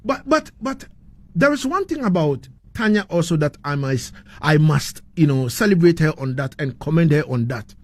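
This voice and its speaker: Effusive high-voiced radio host. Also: male voice, animated, normal speed. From Ghana. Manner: effusive, repeats words while gathering thoughts. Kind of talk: radio interview.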